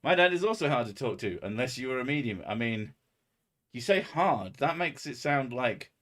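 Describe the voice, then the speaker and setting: A man chatting casually on a livestream, rambling and sardonic, with heavy swearing. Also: medium pitch. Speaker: streamer.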